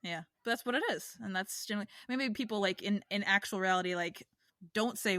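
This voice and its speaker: Animated New York-area woman podcaster. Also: medium pitch, dry recording, clean studio sound. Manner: animated, quick to laugh, many restarts. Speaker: podcast co-host. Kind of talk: casual chat.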